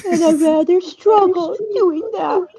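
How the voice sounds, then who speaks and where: A woman's voice: very high-pitched, steady tone, takes it slowly, mellow, full character voice. A woman doing a sobbing man-baby. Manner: sobbing, wailing. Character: crying whiny man-baby. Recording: dull lo-fi audio.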